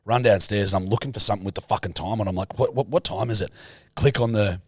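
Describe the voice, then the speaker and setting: A man's voice: fairly low pitch, quick pace, husky, dry recording, clean studio sound. A young man co-hosting a podcast, swearing freely and acting out his own stories in casual banter. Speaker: podcast co-host.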